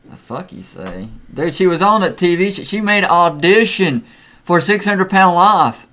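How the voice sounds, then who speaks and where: A man co-hosting a comedy podcast, teasing and roasting a guest in quick banter. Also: sits high, lively intonation, bright, forceful tone. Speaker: podcast co-host.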